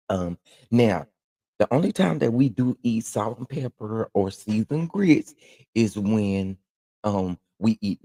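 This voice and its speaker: A man with a Southern Texas accent hosts a relaxed morning livestream, reading comments and greeting viewers by name. His voice is low and gravelly, with a mellow tone, and his pitch swings widely as he jumps into high, excited exclamations. The sound is dry and close, with no room echo. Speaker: livestream host.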